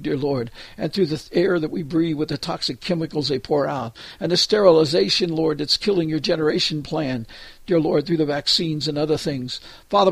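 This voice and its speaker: A man leading a spoken prayer on a call, fervent and halting, repeating "dear Lord" between almost every phrase. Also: a little high, creaky, husky, no echo. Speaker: prayer leader.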